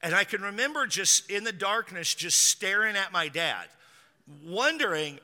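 A man's voice: high-pitched, expressive, normal speed, sharp tone, in a large hall. A man preaching a sermon as a pastor, telling stories in a conversational way with dry jokes.

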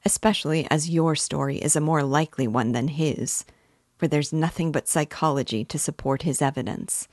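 A woman voicing a shrewd middle-aged male magistrate who presses his point in a measured, quietly insistent way. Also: low voice, no echo, studio quality. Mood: calmly pressing.

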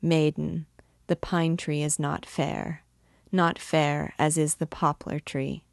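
A sorrowful, gruff hunchbacked bell-ringer from a read-aloud classic, as a woman reader puts him on, low and heavy in the voice. He talks slowly and quietly, each word weighed down, with the dry, close sound of a small booth. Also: little pitch movement, no echo, exaggerated voice. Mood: tender.

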